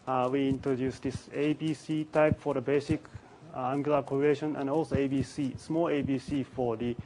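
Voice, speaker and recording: Halting male physicist giving a lecture. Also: medium pitch, darkish tone, a little hiss or hum, poor audio. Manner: halting, many restarts and pauses. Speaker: physicist giving a symposium talk. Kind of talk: conference lecture. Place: symposium lecture room.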